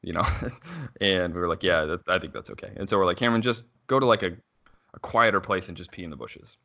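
A father tells a story fast in a low, bright-toned voice, animated and rambling. He keeps saying "like," restarts himself often, and laughs quickly in this casual conversational chat.

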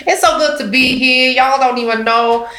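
A woman's voice: high-pitched, fairly even intonation, normal speed, pushed and bright, voice pushed up. A woman voicing a bubbly Southern American woman comic who gushes as she greets a crowd. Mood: gushing. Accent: Southern American, put on. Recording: echoey room.

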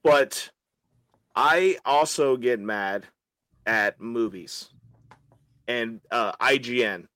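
A man's voice: mid-range voice, drawn-out words, long pauses, fairly bright tone, dry recording. A man with a mid-range voice who hosts a podcast, rambling through strong opinions and restarting his sentences as he goes. The recording is dry and close, with no room sound. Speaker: podcast host. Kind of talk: casual podcast chat.

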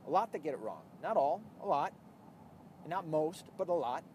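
A man's voice: on the high side, expressive, moderate pace, a little mellow. A man hosting his own show, ranting bluntly and profanely in casual talk while he drives a car. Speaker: podcast host. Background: faint vehicle noise.

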